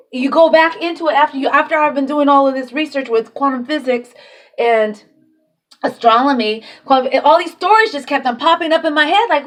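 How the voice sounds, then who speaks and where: A woman's voice: high-pitched, fairly bright tone. A woman talking casually and with feeling about faith, swearing freely and laughing between thoughts. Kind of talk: casual spiritual monologue.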